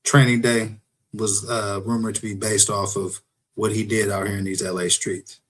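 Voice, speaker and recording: A man's voice: fairly low pitch, moderate pace, rough recording. A man hosting a podcast, recapping casually and speaking straight to his viewers. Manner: relaxed, talks straight to the audience. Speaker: podcast host.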